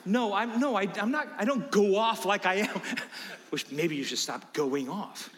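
A man preaching a sermon as pastor, emphatic, swinging from low asides to loud preaching. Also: measured pace, big-room sound.

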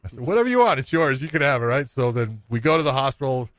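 A man's voice: mid-range voice, quick pace, fairly bright tone, no room sound. Rambling middle-aged man telling a story. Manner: rambling, profane, self-mocking. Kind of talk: casual storytelling.

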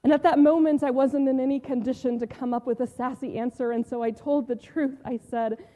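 A woman pastor playing a grieving, devoted woman disciple in a first-person sermon retelling, telling it heartfelt with long pauses and soft drops. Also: sits high, steady tone, long reverb tail, close to an everyday voice. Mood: awed.

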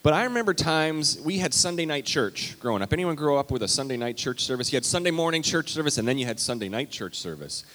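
A man's voice: fairly high pitch, expressive, quick pace, few pauses, fairly bright tone, slight background noise. A man preaching a conversational, story-filled sermon as pastor of a church. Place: church sanctuary. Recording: long hall reverb.

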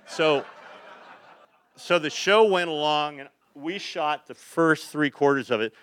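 An older man, a photographer, telling lively rambling anecdotes to a live audience, slipping into acted quotes. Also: fairly high pitch, slow, no room sound.

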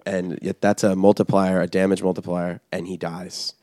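A man in a casual chat, asking curious questions in a deadpan way. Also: deep voice, normal speed, no echo, clean studio sound.

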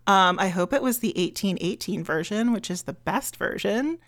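A woman's voice: medium pitch, animated, normal speed. A woman co-hosting a podcast, chatting casually with lots of ums and giggles. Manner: chatty, filler-heavy, giggly. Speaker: podcast co-host. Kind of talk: casual chat.

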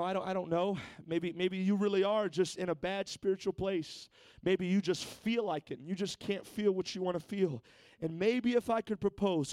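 A high, slightly mellow male voice, recorded without echo, delivers a Pentecostal sermon in a church sanctuary. Moving from easy conversation to fervent exhortation, he keeps repeating words.

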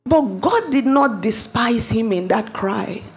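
Slow, high-voiced woman preaching. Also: expressive, faint music behind. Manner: slow, emphatic preaching with dramatic rises. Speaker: pastor. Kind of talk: sermon.

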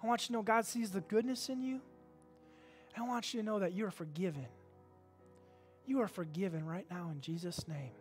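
A man's voice: high-pitched, brisk, long pauses, darkish tone, faint music behind. A man, a pastor leading a church service with upbeat, folksy talk. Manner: upbeat, folksy, says amen a lot. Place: church sanctuary.

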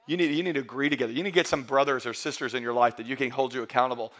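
A man in his thirties preaching a sermon as pastor, emphatic and building to loud peaks, mixing in humorous stories. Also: medium pitch, steady tone, rapid-fire. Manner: emphatic, rising to near-shouting peaks; storytelling with humor and quoted voices.

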